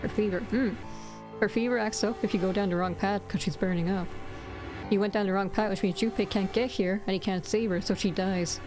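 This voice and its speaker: A woman reads a game's narration aloud in a calm, even manner and then explains story theories to a friend. Her voice sits in a middle pitch, with game music behind. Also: brisk. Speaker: game player. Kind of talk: reading game text aloud and commenting.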